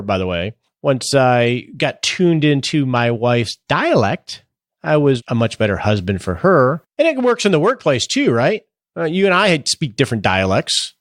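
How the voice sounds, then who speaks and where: A man's voice: mid-range voice, dry recording, clean studio sound. A man in his fifties hosting a podcast, explaining in a casual, jokey, conversational way. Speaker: podcast host and financial planner.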